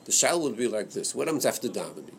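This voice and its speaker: A man leading a study class on a Chassidic text, thinking aloud in a hesitant, halting way that repeats words. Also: medium pitch, sing-song, creaky, a little hiss or hum. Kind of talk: Torah study class discussion.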